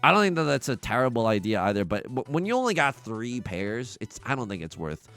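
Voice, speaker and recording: A man commentating live on his own tile game, excitable and jokey, yelping at setbacks and muttering while he counts tiles. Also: medium pitch, a little fast, soft background music. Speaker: streamer playing a tile game.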